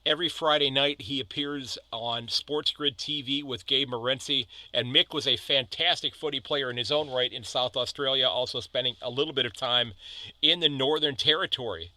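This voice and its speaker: A man's voice: mid-range voice, normal speed, pushed and bright, dry recording. An American man in his fifties hosting a casual podcast chat, talking loosely with frequent restarts. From United States. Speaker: podcast host.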